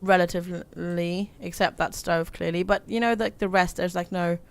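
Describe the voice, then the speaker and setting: A woman's voice: on the low side, moderate pace. A young woman hosting a game playthrough, reading the characters' lines in her own voice with fillers and casual asides. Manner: reads flatly with fillers and asides, laughs at herself. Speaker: let's play host. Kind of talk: reading game dialogue aloud and commenting.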